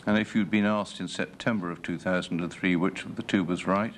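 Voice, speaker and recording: A man with a fairly low voice questions a witness for an inquiry panel. He speaks carefully and formally, laying out the background before putting each question. Faint noise sits under the recording. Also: fairly even intonation, brisk. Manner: careful, restates points before asking.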